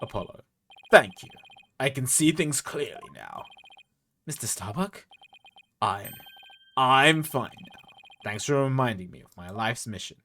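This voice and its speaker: A man voicing a melodramatic middle-aged astronaut, swinging from stammering to loud bombastic shouting while reading game dialogue. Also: medium pitch, very animated, measured pace, long pauses, a little hiss or hum, voice pushed down, full character voice. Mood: shaken. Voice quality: loud, theatrical, strained shouting.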